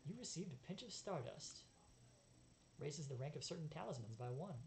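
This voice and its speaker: A woman's voice: sits low, lively intonation, normal speed, darkish tone, slight background noise. A woman playing a story game, reading its text aloud and chatting casually. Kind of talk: let's play reading and commentary.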